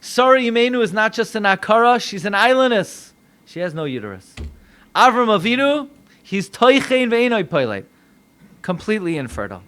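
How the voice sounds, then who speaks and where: An American man, a rabbi, preaching a sermon with animated delivery, acting out voices in dialogue. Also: high-pitched, normal speed, smooth. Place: synagogue.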